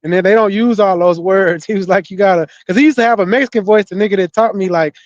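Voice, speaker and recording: A man's voice: high-pitched, fast talker, no room sound. A young man telling loose, profane stories in casual podcast chat, laughing often. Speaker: podcast co-host. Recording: dull, lo-fi dry sound.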